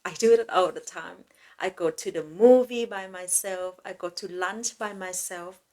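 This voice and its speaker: Woman, unhurried, gentle soothing self-help talk. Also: on the low side. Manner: gentle, slow, soothing, non-native grammar. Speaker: podcast host.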